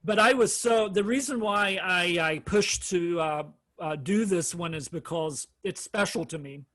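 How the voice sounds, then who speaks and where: Man, high voice, casual podcast chat, rambling, laughing. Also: unhurried, fairly bright tone. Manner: rambling, laughs often, restarts sentences. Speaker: podcast co-host.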